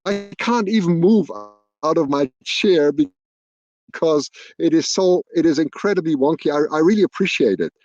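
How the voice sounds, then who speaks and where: A man's voice: on the high side, normal speed, a little mellow, dull audio. A man hosting a live wildlife stream outdoors on a hilltop, chatting and thinking aloud with frequent restarts. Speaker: wildlife livestreamer. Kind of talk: live-streamed casual commentary. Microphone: external microphone at a laptop.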